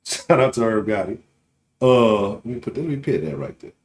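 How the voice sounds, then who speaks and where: Animated, foul-mouthed sports-talk man. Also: fairly low pitch, normal speed, a little hiss or hum. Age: late 30s. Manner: profane trash talk, keeps asking "right?". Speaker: sports talk show host. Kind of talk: casual sports talk livestream.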